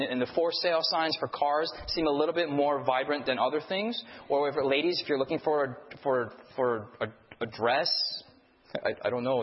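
A man delivers a lively sermon, often throwing questions back at the congregation. His voice sits a bit high for a man. It sounds dull, and a long reverb trails behind it in a big church hall. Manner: lively, quizzes the congregation with call-and-response questions. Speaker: preacher. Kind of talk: sermon with storytelling.

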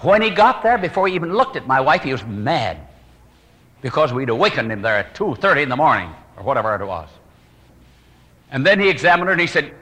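A man evangelist telling a personal story in an earnest sermon style, his voice dropping to hushed, prayerful tones. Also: medium pitch, sing-song, brisk, big-room sound.

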